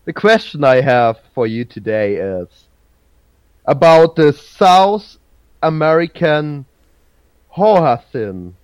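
Slow, halting male quiz host. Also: a little high, very animated, smooth, dry recording, highs cut off. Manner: halting, searches for words, many restarts. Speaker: podcast host running a trivia quiz. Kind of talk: casual chat.

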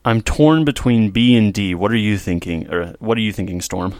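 A man co-hosting a casual podcast. He is playful and tells jokey stories with lively asides. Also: lowish voice, normal speed, no echo, studio quality. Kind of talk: casual chat.

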